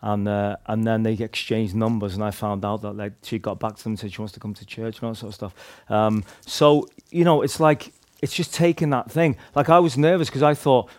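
A street evangelist with a fairly low voice shares faith stories as casual testimony, talking fairly quickly with fairly even intonation and hardly any pauses. He rambles, restarts and uses "like" and "you know" constantly. There's no room sound.

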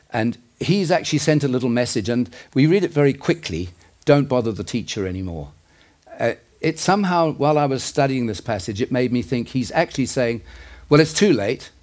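In a slightly mellow, medium-pitched voice, a man preaches a sermon in an earnest, conversational manner. He drops in asides and corrects himself as he goes.

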